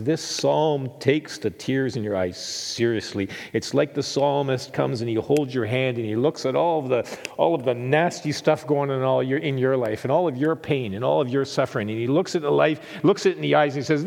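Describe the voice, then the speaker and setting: A middle-aged man preaching a sermon as pastor, earnest and repeating phrases for emphasis, dropping to a hush and then lifting again. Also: mid-range voice, normal speed, gravelly, long reverb tail.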